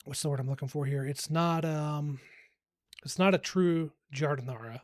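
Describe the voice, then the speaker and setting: A man's voice: fairly high pitch, moderate pace, dry recording, studio quality. A man around forty co-hosting a podcast, rambling easily in casual chat and laughing often. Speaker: podcast co-host.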